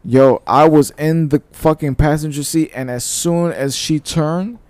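Mellow New man in casual chat. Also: a little high, unhurried, no echo.

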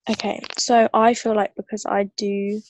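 A woman's voice: mid-range voice, little pitch movement, moderate pace, no room sound, rough recording. A young woman in her twenties talking hesitantly in a casual heart-to-heart chat, with many fillers.

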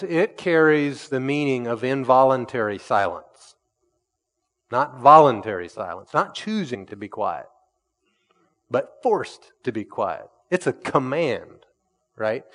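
A man preaching a sermon in an animated way, acting out the quoted voices with sudden loud, high jumps. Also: big-room sound. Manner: animated, acts out quoted voices with big jumps in pitch and volume.

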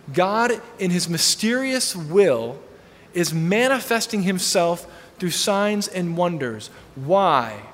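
A man's voice: high-pitched, a bit bright. A man preaching a sermon, telling a personal testimony in an earnest, storytelling way with frequent restarts. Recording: long hall reverb.

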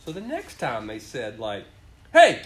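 A man's voice: mid-range voice, huge pitch swings, unhurried. A man telling a rambling work story in casual chat, swearing often and acting out his bosses' lines.

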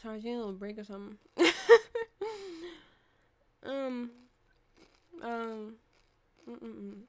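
A young woman vlogging, telling a story fast and profanely, acting out quoted dialogue, into a desk microphone. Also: a little high, fairly even intonation. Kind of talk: casual storytelling monologue.

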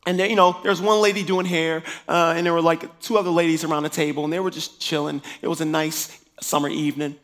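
A man telling a personal faith testimony in a lively way, acting out the voices in his story. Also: on the high side, fast talker, few pauses. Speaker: preacher sharing a testimony.

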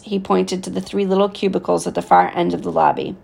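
A woman reading a novel aloud, with steady, expressive storytelling. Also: on the low side, a little fast, creaky, husky. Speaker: reader.

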